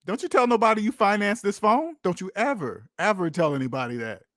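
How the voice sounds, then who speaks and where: A man's voice: high voice, expressive, a little fast, fairly bright tone, no echo, clean studio sound. A man hosting a call-in money advice show, talking bluntly and preaching straight at his listeners in casual speech. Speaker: podcast host giving money advice.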